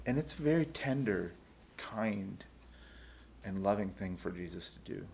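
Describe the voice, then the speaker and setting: A man's voice: lowish voice, animated, unhurried, vocal fry, darkish tone, a little hiss or hum. A man teaching a bible school class in a conversational way, often repeating words as he starts a thought.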